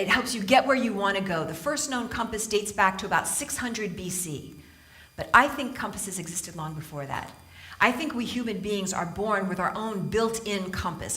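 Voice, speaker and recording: A woman from Southern California giving a humorous inspirational talk on stage to a live audience, telling animated stories and laughing often. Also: medium pitch. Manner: animated storytelling, laughing often, playful asides. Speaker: motivational speaker and author.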